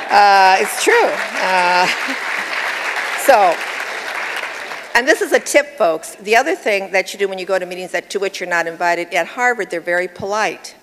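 A woman's voice: medium pitch, unhurried, noisy background. A middle-aged woman giving an award acceptance speech in a personal, chatty way, with laughs between her remarks. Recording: long hall reverb with crowd behind.

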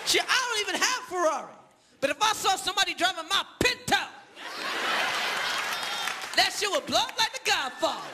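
A man doing stand-up comedy, animated, profane and incredulous, recorded live with a loud crowd. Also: very high voice, very noisy.

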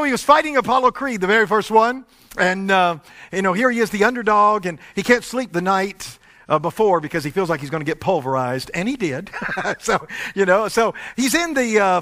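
A male pastor giving a conversational sermon, telling stories with many "you know" asides and big swings between loud and soft. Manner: conversational preaching with wide swings in pitch and volume.

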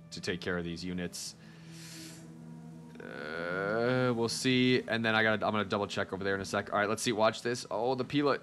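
A man's voice: lowish voice, fairly bright tone. A man giving casual gameplay commentary as a video host, chatting straight to his viewers.

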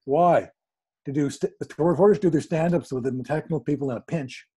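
A man with a husky, mellow voice and a fairly high pitch tells a story casually. He acts out every quoted line and jumps his pitch to play each person. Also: a little fast. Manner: animated, acts out quoted dialogue. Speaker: guest speaker.

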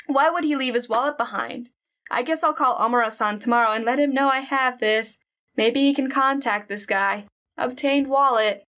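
A woman gamer with a fairly high voice, reading a horror game's story aloud. She breaks in with quick, jumpy reactions and chatty asides between the lines she reads. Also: bright, forceful tone. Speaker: let's play gamer. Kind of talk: let's play commentary, reading game text aloud.

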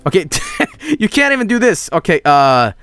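A young man streaming a video game, excitable and swearing, often yelling at the characters on screen. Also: sits high, moderate pace, clear, resonant tone, soft background music. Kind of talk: gaming livestream commentary.

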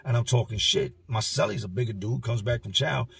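A man's voice: medium pitch, fairly quick, gravelly, fairly bright tone, slightly rough, no echo. A man telling a story from his own past in a blunt, slangy, profane way. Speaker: vlogger.

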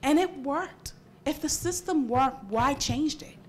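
A woman's voice: high voice, takes it slowly, a little hiss or hum. A young woman speaking up as a parent at a public meeting, earnest and pressing. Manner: earnest, pressing, voice rising as she presses her point. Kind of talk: emotional unscripted public comment.

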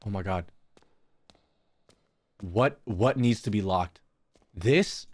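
This young man, streaming a horror game, talks slowly in a mid-range, darkish voice, leaving long pauses. Between crude, profane jokes aimed at his chat, he mutters nervously to himself.

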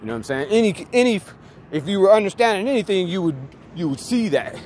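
A man's voice: high voice, very animated, fast. A man giving a rambling, profane, emphatic monologue outdoors near traffic. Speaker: vlogger. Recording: loud street and vehicle noise.

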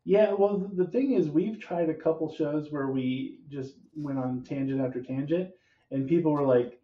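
A man's voice: on the high side, moderate pace. A man chatting casually as a podcast guest, rambling through stories. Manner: rambling, chuckling storyteller. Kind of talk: casual chat. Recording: echoey, dull lo-fi sound.

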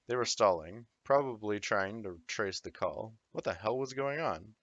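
A man's voice: fairly low pitch, animated, normal speed, hardly any pauses, a bit bright, no echo. A man reading a fantasy novel aloud in the first person, giving the dialogue its own voices. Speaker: audiobook reader. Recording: dull lo-fi dry recording.

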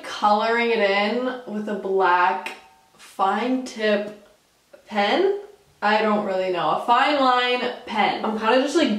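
A young woman with a slightly high voice chats casually to her viewers from her room, full of "like" and "literally" and the odd swear word. She is recorded on the camera's built-in mic, so she sounds a bit distant in a roomy space. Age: young adult. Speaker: vlogger. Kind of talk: casual chatty vlog. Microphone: camera mic, no external mic.

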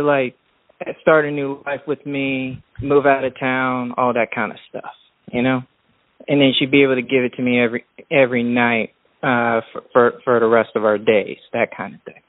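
A man's voice: medium pitch, no echo. Rambling male caller on a phone line. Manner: rambling, relaxed, full of restarts. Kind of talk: casual storytelling on a call-in show.

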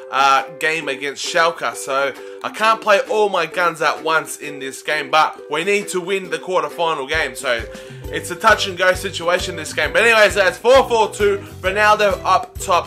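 High bright excitable gaming man. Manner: excitable, shouts at chances; chatty, addresses viewers as lads. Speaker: gaming YouTuber. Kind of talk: live video game commentary.

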